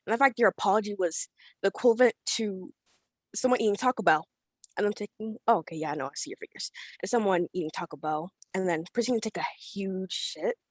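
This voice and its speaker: A woman's voice: mid-range voice, fast talker, no echo. Angry teenage girl on a dry call. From Florida, USA. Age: teens. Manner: angry, confrontational, blunt, swears. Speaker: public commenter at a school board meeting. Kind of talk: impassioned public comment.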